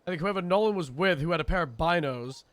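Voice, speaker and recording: A man's voice: fairly high pitch, expressive, fast talker, a bit bright, no echo. A young man streamer casually recounting a roleplay event, rambling and swearing with frequent laughter.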